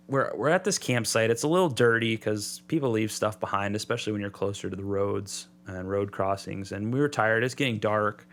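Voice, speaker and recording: A man of ordinary pitch speaks as a podcast guest. He is relaxed and loose, circling back and restarting phrases as he goes. His manner stays friendly and unhurried. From United States. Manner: relaxed, rambling with many restarts. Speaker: podcast guest, thru-hiker. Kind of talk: casual interview storytelling.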